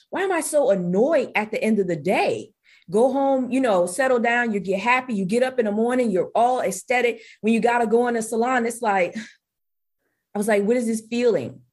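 A woman who coaches stylists, talking casually in an interview and acting out her own quotes with lively jumps in voice. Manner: animated storyteller, acts out her own quotes in a higher voice. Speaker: guest, business coach and former hairstylist.

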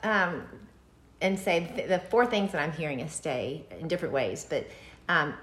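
A woman's voice: low-pitched, normal speed, fairly bright tone. A woman in her fifties co-hosting a parenting podcast, speaking affirmingly and summing up the talk. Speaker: podcast co-host, mother of adult children. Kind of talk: casual chat. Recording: roomy echo.

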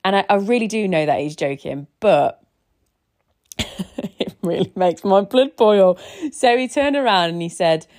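A woman's voice: mid-range voice, animated, measured pace, pauses often, a little mellow. A woman in her thirties hosting a casual solo podcast, a chatty, rambling storyteller who often restarts her sentences. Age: 30s. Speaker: podcast host.

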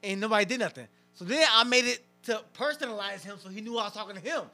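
A man hosting a casual group podcast, animated and quick to tease his friends. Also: high-pitched, faint music behind. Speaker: podcast host.

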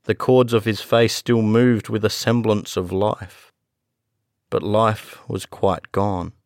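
A man reading a classic gothic story aloud as a narrator, in a slow, measured storytelling manner. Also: fairly low pitch, level tone, darkish tone, dry recording, clean studio sound. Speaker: audiobook narrator. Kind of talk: scripted narration.

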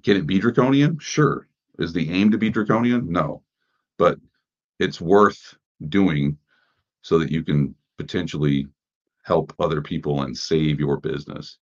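Male host with an extremely low voice, chatty commentary full of rhetorical questions, dull lo-fi recording. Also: unhurried. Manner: conversational, rhetorical questions, frequent fillers. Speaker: podcast host. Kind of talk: casual news commentary. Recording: dull lo-fi sound.

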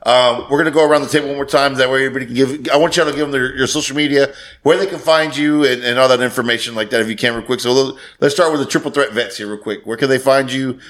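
A man's voice: mid-range voice, steady tone, fast talker, a bit bright. A man hosting a podcast, telling a story casually and swearing freely. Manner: swears freely, acts out quoted voices. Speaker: podcast host.

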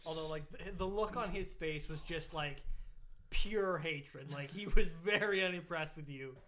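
Young man, podcast co-host, slightly high pitch, joking, quick comebacks. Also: a bit bright, a little hiss or hum. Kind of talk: casual chat among friends.

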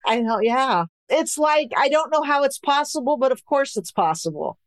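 A woman's voice: sits high, expressive, moderate pace, dry recording, studio quality. A woman co-hosting a podcast, eager and enthusiastic in casual chat. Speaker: podcast co-host.

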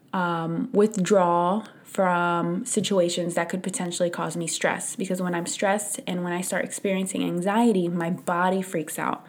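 A young adult woman hosting a podcast, telling a candid story in casual chat and acting out her own thoughts. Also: fairly low pitch. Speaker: podcast host. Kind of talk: casual solo podcast talk.

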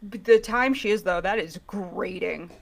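Woman, exasperated, animated, casual chat, fast rants. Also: mid-range voice, vocal fry, crowd noise.

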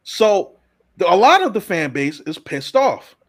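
A man hosting a casual sports talk show, ranting in an animated, profane way. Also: high voice, a little slow. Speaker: podcast host.

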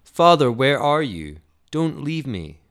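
A man's voice: on the low side, big pitch swings, measured pace. A man voicing Jesus in a Bible story, speaking in a pleading, gasping way. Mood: anguished. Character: Jesus, anguished dying man.

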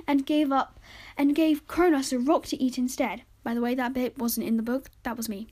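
Casting: podcast storyteller, high voice, chatty and informal, reads a novel aloud. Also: female voice, steady tone, moderate pace, darkish tone. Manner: chatty, self-correcting, informal. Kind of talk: storybook reading.

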